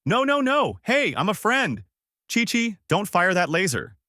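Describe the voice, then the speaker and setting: A nervous, flustered young bandit, put on by a man reading aloud. He stammers and hesitates, and his voice jumps around in pitch. The sound is dry and close. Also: big pitch swings, measured pace, bright, forceful tone, no room sound.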